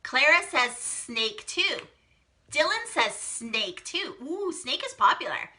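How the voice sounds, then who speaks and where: This is a young female teacher hosting a live online lesson, running a phonics game where she reads children's guesses aloud and praises them warmly. Her very bright voice swoops across a wide pitch range, and she speaks slowly and clearly with excited gasps.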